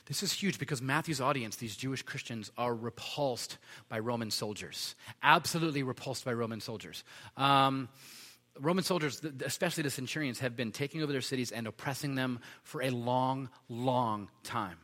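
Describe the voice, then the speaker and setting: A man's voice: mid-range voice, fairly quick, fairly bright tone, in a large hall. A man preaching a sermon in a conversational way, with frequent fillers and restarts.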